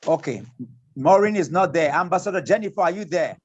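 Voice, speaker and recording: Husky man hosting a protest. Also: sits high, lively intonation, fairly quick, muffled recording. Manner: calls speakers by name, urging. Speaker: host. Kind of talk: moderating an online protest. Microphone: video call.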